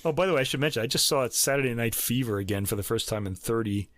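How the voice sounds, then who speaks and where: A man's voice: medium pitch, quick pace, fairly bright tone, no echo. A man in his fifties with a New York accent, hosting a casual podcast and reviewing classical recordings in a chatty, hesitant way. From New York City. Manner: chatty, hesitant with many ums and restarts, laughs often. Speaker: podcast host. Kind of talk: casual music review chat.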